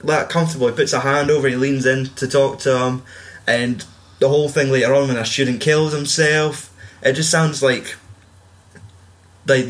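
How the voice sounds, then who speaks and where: Sweary man chatting about a film. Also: mid-range voice. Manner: swears a lot, acts out quotes in raised voices. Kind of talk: casual film chat.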